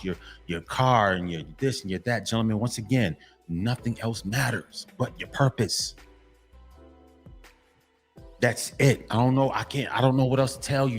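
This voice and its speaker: A man giving a blunt, repetitive motivational monologue to men, lecturing and half-censoring his swearing. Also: mid-range voice. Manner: repetitive, lecturing, keeps addressing "gentlemen". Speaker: men's motivational vlogger.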